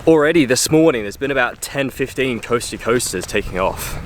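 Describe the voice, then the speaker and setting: A man's voice: medium pitch, animated, fairly quick, slight background noise. A man hiking and vlogging to a handheld camera outdoors on a coastal trail, chatty and upbeat, with frequent fillers. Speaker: hiker vlogger. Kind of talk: casual travel vlog.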